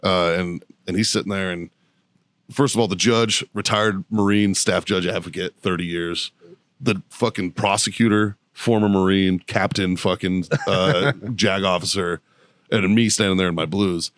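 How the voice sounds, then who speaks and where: A man's voice: low-pitched, steady tone, a bit bright, no room sound. A man, a podcast guest, telling a story in casual, profane chat and laughing often as he talks. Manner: profane, laughing, rapid anecdotal retelling. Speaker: podcast guest, show producer.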